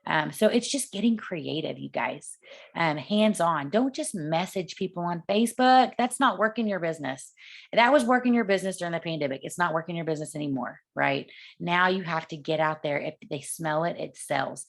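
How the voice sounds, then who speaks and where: A woman's voice: fairly low pitch, normal speed, vocal fry. A woman giving sales tips in a casual coaching talk, chatty and acting out the conversations she quotes. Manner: chatty, acts out quoted dialogue.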